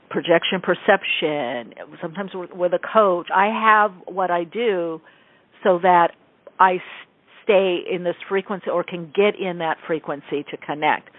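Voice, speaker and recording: Woman radio host, animated storyteller, phone-like thin sound, dry recording. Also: on the low side, no room sound. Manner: animated storytelling, acts out quoted dialogue. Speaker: radio show host, psychic medium. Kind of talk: casual spiritual talk monologue.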